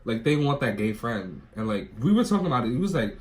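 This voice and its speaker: A man's voice: mid-range voice, fast, slight background noise. Young New York man telling a story. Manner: animated storytelling, swears often. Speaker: co-host. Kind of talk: casual chat.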